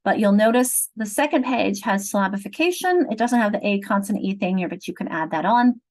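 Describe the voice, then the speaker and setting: A middle-aged woman leading an online teacher training on reading, explaining each step in a clear, patient teacherly way over a video call. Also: mid-range voice, animated, a little fast, darkish tone, low-quality recording. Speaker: literacy trainer.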